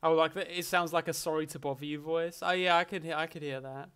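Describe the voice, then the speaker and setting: Chatty man, slightly high voice. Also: fairly quick, clean tone. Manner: animated, chatty, jokey banter with chat. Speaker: streamer hosting a Q&A. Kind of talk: casual live-stream chat.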